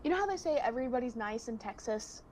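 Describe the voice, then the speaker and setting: A woman's voice: on the high side, expressive, darkish tone. A young woman, a guest on a casual chat, talking in a chatty, giggly way. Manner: giggly, chatty, quick to laugh.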